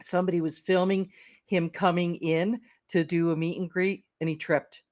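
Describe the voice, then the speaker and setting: A woman's voice: lowish voice, little pitch movement, moderate pace, darkish tone, dry recording. Chatty enthusiastic woman co-host. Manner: chatty, enthusiastic, restarts words. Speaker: podcast co-host. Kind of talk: casual chat.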